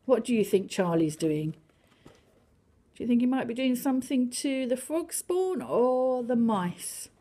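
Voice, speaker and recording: An older woman reading a picture book to young children, sing-song and animated, now and then dropping to a whisper. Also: fairly high pitch, a little slow.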